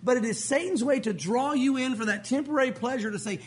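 A man preaches to a congregation at a church service with urgent, impassioned emphasis. His voice is high and his delivery rapid, driving hard through each point. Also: lively intonation. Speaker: pastor. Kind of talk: sermon.

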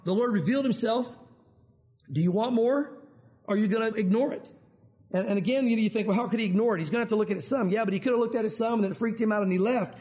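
A man's voice: high voice, a little mellow. A man preaching a sermon in a conversational way, firing rhetorical questions at his listeners. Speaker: pastor.

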